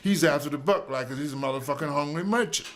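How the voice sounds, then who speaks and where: Elderly jazz musician, profane streetwise yarn-spinner, echoey room. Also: male voice, on the high side, fast talker, background noise. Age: 70s. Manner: streetwise, profane, keeps asking "you dig?". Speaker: jazz musician telling his history. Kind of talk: storytelling recollection. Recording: roomy echo with faint music behind.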